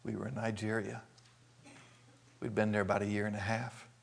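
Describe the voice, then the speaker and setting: An older man from Arkansas preaching a sermon, telling folksy stories and acting out the scenes with animated delivery. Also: on the low side, normal speed, vocal fry, breathy edge. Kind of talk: sermon storytelling.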